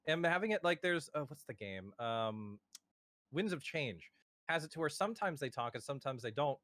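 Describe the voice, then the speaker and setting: A man's voice: mid-range voice, expressive, moderate pace, fairly bright tone, no room sound, clean studio sound. A young man hosting a casual podcast from home over a voice call, rambling with many fillers and restarts. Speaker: podcast host. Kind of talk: casual chat. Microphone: home mic over a voice call.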